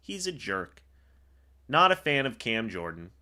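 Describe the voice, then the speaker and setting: A young man hosting a live fan reaction stream, calling the plays as he watches and getting excitable on big moments. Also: medium pitch, measured pace. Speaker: fan livestream host.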